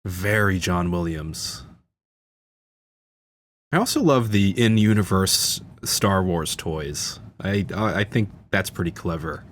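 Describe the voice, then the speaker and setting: A man's voice: deep voice, expressive, slow, fairly bright tone. A man hosting a casual film commentary, talking like an enthusiastic fan with frequent fillers and restarts. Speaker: channel host.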